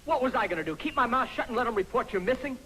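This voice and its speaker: An actor playing a nervous army clerk in a 1950s film comedy, anxious and stammering. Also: male voice, extremely high pitch, animated, rapid-fire, a bit bright, a little hiss or hum, low-quality recording.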